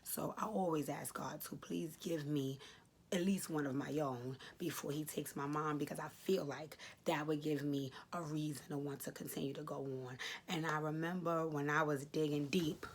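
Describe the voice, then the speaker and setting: A woman in her late thirties talks straight to camera in an earnest, emotional way, circling back to the same phrases to drive them home. Her voice sits low and has a breathy, husky edge. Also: steady tone, normal speed. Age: late 30s. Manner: earnest, emotional, repeats key phrases for emphasis; speaks directly to viewers, informal. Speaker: advice vlogger answering a letter. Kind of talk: heartfelt advice talk to camera.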